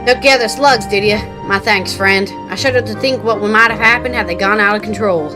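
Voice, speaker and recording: A woman's voice: medium pitch, brisk, over music, natural voice. A woman voicing a genial forest warden from a game, reading quest dialogue aloud in a dry, plain way. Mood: wry.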